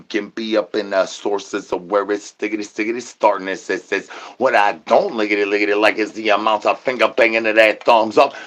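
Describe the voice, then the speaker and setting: A man ranting an absurd comedy monologue full of rhyming nonsense slang and stuttered repeated words. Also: mid-range voice. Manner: shouts out catchphrases. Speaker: comedy channel host. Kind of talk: absurd improvised comedy rant.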